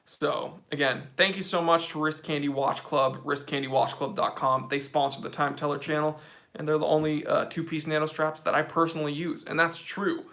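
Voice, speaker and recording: Bright-voiced chatty male host. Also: fairly high pitch, little pitch movement, a little fast, vocal fry. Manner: chatty, rambling, lots of fillers. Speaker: watch channel host. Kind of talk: casual live Q&A.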